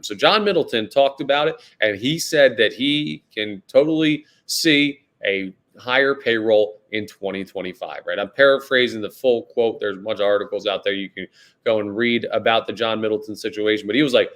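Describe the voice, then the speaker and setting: A man's voice: on the low side, moderate pace, a bit bright. Casual chatty man hosting a sports podcast. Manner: casual, rambling, says "guys" and "like" a lot. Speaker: podcast host. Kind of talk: solo sports podcast talk.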